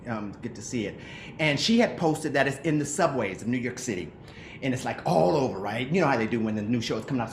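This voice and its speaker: A middle-aged actor with a medium-pitched voice is heard through a reverberant video call with a little hiss or hum. Appearing as an interview guest, he speaks reflectively, with earnest emotion, and keeps restarting his sentences.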